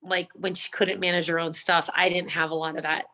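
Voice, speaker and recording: A mother speaks in a parenting group call. Her telling is chatty and loose, full of little fillers, in a voice somewhat low for a woman. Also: level tone, a little fast, pushed and bright. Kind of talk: casual group discussion.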